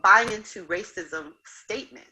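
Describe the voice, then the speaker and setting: A woman's voice: mid-range voice, moderate pace, crowd noise, rough recording. A woman hosting a podcast interview, affirming her guest and reflecting on what she said. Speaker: podcast host. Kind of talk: interview conversation.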